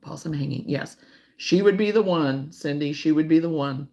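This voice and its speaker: A woman hosting a casual crochet livestream, chatting warmly and reading out viewer comments, sometimes close to tears. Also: low voice, normal speed, vocal fry. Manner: warm, emotional, reads viewer comments aloud.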